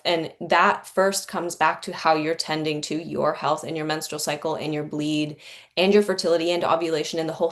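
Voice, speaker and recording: A woman hosting a podcast, telling a personal story in an earnest, candid way, with many "like" fillers. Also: low voice. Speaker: podcast host. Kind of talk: reflective conversational storytelling.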